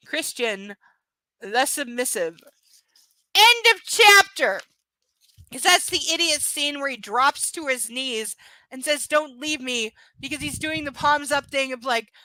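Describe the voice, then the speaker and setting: A woman with a high, bright, sharp voice reads a book live and breaks off into sarcastic, swear-filled rants. Her exasperation carries through everything she says. The sound is dry and close. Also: dry recording, rough recording. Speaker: livestream book reader. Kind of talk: live reading with ranting commentary.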